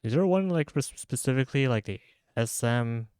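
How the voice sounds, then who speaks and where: A man's voice: medium pitch, expressive, brisk, a little mellow, clear, resonant tone, no room sound, clean studio sound. A young man streaming live, chatting loosely as he plays and rambles through restarts and slang. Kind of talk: casual live-stream chat while gaming. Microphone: studio mic with pop filter.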